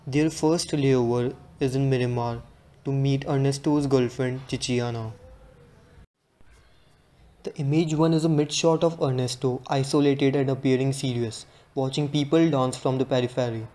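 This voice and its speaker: A man presents to his class, reading his notes aloud in a steady, earnest way. His voice is mellow and relaxed, with a middling pitch. He sounds like a student working through his part of a presentation.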